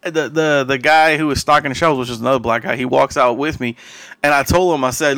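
Talking a little fast with a fairly bright tone and a medium-pitched voice, this male podcast co-host spins a meandering story, doing voices for the people he quotes and laughing a lot. The recording is dry.

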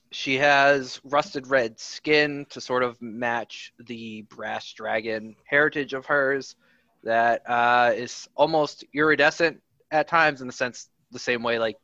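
Young guy slowly talking thru his character, bright tense voice, dry dull mic. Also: medium pitch, no echo. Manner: unhurried, rambling with fillers. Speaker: player. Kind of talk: describing a game character.

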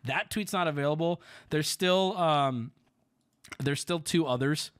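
A male streamer in casual commentary, telling a story in a sarcastic, profane, animated way. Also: fairly high pitch, a little slow, clear, resonant tone.

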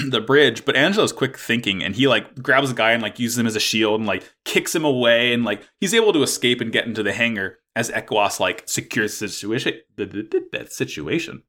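A man's voice: mid-range voice, a little fast, bright, forceful tone. A man recapping a plot in casual chat, rambling with lots of fillers and swearing. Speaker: podcast co-host recapping an anime.

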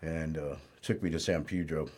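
Deep husky man telling his story. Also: steady tone, moderate pace, a little mellow. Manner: plainspoken, rambling, with many "you know"s. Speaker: interview guest. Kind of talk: candid life-story interview.

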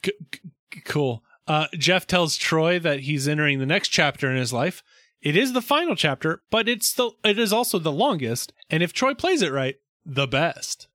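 A man co-hosting a casual show recap, animated and teasing, laughing easily. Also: a little high, normal speed, no echo, studio quality. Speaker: podcast co-host. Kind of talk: casual episode recap chat.

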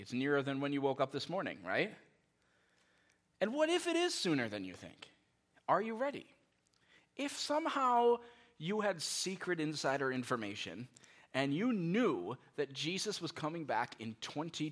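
A man preaching a sermon as pastor, animated and conversational, with many rhetorical questions. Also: fairly high pitch.

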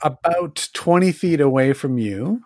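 Slow, dry-voiced male game master. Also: fairly high pitch, expressive, darkish tone, dry recording. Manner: descriptive, with frequent restarts. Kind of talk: narrating a tabletop game.

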